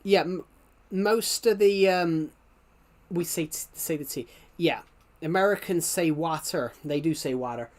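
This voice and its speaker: A man's voice: a little high, a little slow, a little mellow. A British man chatting casually on a game stream, rambling and repeating himself, his mic set a bit away behind a laptop. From Britain. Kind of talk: casual gaming stream chat.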